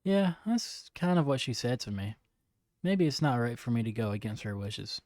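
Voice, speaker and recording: A man's voice: medium pitch, big pitch swings, normal speed, darkish tone, no echo, clean studio sound, natural voice. A man voicing a worried teen boy, reading his lines plainly and earnestly.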